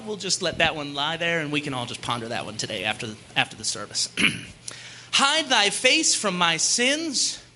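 A young man preaching a sermon, fervent and at times shouting, then easing into joking asides. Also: high voice.

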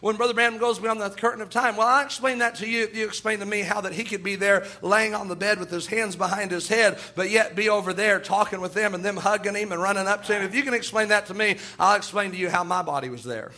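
A man's voice: sits high, fairly even intonation, fast, sharp tone. A man preaching a sermon with fervor, quoting scripture and acting out quoted voices.

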